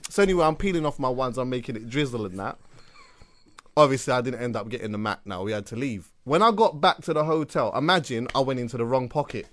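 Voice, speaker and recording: A man with a London accent, a podcast host telling animated, slang-heavy stories in a casual chat. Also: mid-range voice, quick pace, no room sound, studio quality. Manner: animated storyteller, slangy, bursts into laughter.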